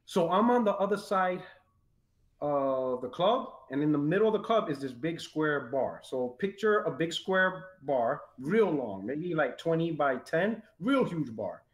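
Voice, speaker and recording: A man telling rowdy stories in a casual chat, animated and swearing, raising his voice when quoting people. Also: fairly high pitch, a little slow, echoey room. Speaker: podcast guest telling stories. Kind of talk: casual storytelling.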